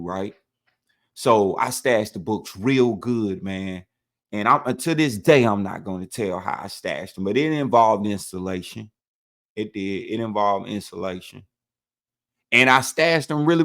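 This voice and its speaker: A man telling his own prison story in a casual, animated way, dropping "man" after nearly every phrase. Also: fairly low pitch, moderate pace.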